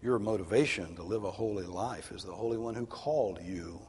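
A male pastor preaching a sermon, swinging from hushed tones to loud, emphatic exhortation. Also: lowish voice, a little fast, breathy edge. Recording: long hall reverb.

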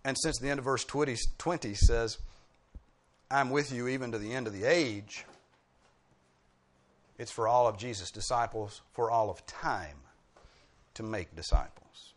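A man's voice: mid-range voice, measured pace, long pauses. A man preaching a sermon, explaining points like a teacher and punching key words with dry humorous asides.

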